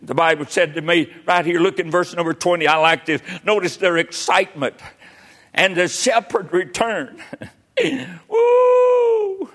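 An older man, preaching a sermon with folksy stories and sudden loud outbursts. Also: a little high, normal speed. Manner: folksy storytelling, bursts into loud exclamations.

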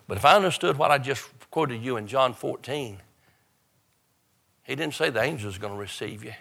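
An older man, preaching a funeral sermon as a pastor, his delivery swelling up and dropping quietly. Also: mid-range voice, expressive, moderate pace, creaky.

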